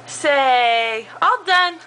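Mom doing baby talk at home, high bright voice, slow and stretched out. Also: female voice, expressive. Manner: sing-song, slow and exaggerated baby talk. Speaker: mother. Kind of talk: coaxing babies to repeat words. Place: home, at bedtime.

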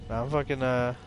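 A man's voice: mid-range voice, noisy background. Profane young man reacting to a game. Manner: profane, jumpy reactions, talks to himself. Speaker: gamer streaming a horror game. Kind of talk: casual let's-play commentary.

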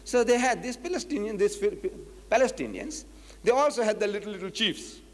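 A man from South Africa giving a public lecture as a Muslim preacher, telling stories with acted-out dialogue and slowing down to quote scripture. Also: high-pitched, big-room sound. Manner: animated storytelling, acts out dialogues, slows to quote scripture.

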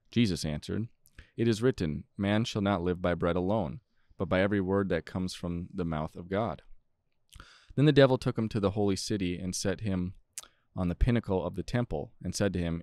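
A man with a very low voice reads scripture aloud in a steady, plain way, tripping now and then over a word. He is on a close podcast mic in a dry room. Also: no room sound. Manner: steady, plain reading with small stumbles. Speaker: podcast co-host.

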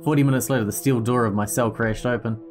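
A man reads an interactive story game aloud in a steady narrating voice, now and then stumbling and correcting himself. His voice sits at an ordinary middle pitch. Faint game music plays beneath. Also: fast talker. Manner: steady reading, occasional slips and self-corrections. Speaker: gaming channel host.

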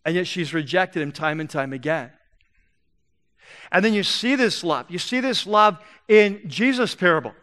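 A man preaching a sermon in a church, swinging between loud emphatic bursts and low, soft passages. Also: lively intonation, moderate pace. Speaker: pastor. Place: church sanctuary.

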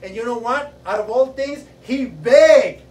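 Man, preacher, high voice, fervent sermon, repeated questions, roomy echo, far from the mic. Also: measured pace. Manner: fervent, repeats a rhetorical question, builds to shouting. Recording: roomy echo, mic at a distance, faint noise.

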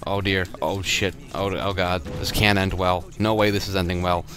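Here a low-voiced man speaks at an ordinary pace, narrating his in-game driving as a casual let's play. Frustrated and quick to flare up, this gamer curses often.

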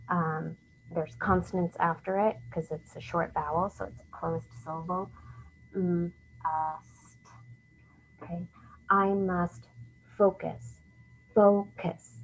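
A woman teacher walking young writers slowly through a literacy lesson, step by step, sometimes whispering the example sentences. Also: lowish voice, fairly even intonation, slight background noise, low-quality recording.

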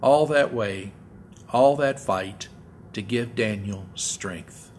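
A man's voice: lowish voice, slow pace, a little hiss or hum. Man preaching a conversational sermon. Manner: acts out quoted voices with swings between loud and soft; conversational, repeats words and asks the audience "right?". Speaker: pastor. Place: church sanctuary.

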